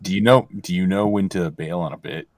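A man's voice: deep voice, a little fast, a little mellow. A man co-hosting a comedy podcast, exasperated and repeating himself for comic effect. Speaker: podcast co-host. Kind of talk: casual comedy banter.

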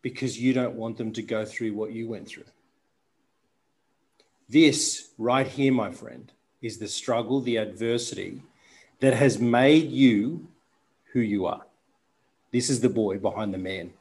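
A man hosting a podcast, talking deliberately and reflectively as a coach to his guest. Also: medium pitch, a little mellow.

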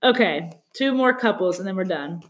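A woman's voice: medium pitch, lively intonation. Chatty woman gossiping on a podcast. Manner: chatty, gossipy, quotes people in quick asides. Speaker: podcast co-host. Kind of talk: casual chat.

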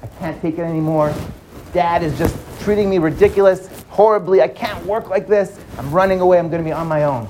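Brief: teenage boy, worn out and fed up, quietly determined to leave home, read by the narrator. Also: medium pitch, a little fast, a little hiss or hum, lightly acted. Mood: earnest. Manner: weary and resolved.

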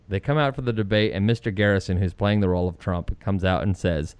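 A man's voice: low voice, quick pace, hardly any pauses, clear, resonant tone, no echo. Sarcastic middle-aged male talk host. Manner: sarcastic, lively storytelling with mocking quoted voices. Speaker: radio talk show host. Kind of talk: opinionated political talk.

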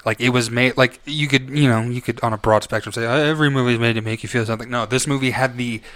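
A man talking through his opinion of a film in a loose podcast chat, circling back and restarting his sentences as he goes. His voice sits at an ordinary middle pitch, and the recording is close and dry, with no room sound. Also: fairly even intonation, fast, a bit bright, no room sound. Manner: rambling, frequent restarts and self-corrections. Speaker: podcast co-host. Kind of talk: casual film review chat.

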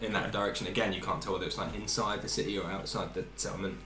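A man narrating as game master of a tabletop game, talking softly and trailing off. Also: sits low, fairly even intonation, rapid-fire, reverberant.

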